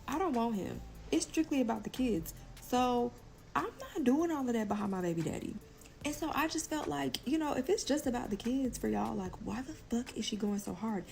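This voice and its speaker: A woman's voice: a little high, animated, a little fast, creaky, darkish tone, soft background music, rough recording. Candid young woman telling a storytime. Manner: candid, profane, filler-heavy with lots of "like". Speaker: vlogger telling a personal story. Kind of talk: casual storytime monologue.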